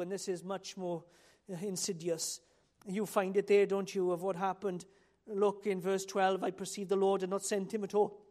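A man preaching a sermon, swinging from loud exhortation to hushed warning. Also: sits high.

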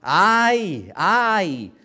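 A man's voice: high voice, sing-song, extremely slow, bright, forceful tone, voice pushed up, full character voice. A man voicing an eccentric old male professor who pleads fervently with his class, pressing insistent repeated questions. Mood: fervent pleading.

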